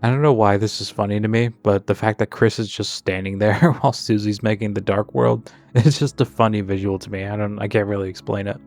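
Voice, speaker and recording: Male video essayist with a lowish voice, chatty and a little sarcastic, over faint music. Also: fairly even intonation, fairly quick, hardly any pauses, a little mellow. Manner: chatty, wanders into tangents and sarcastic asides. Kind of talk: game character analysis narration.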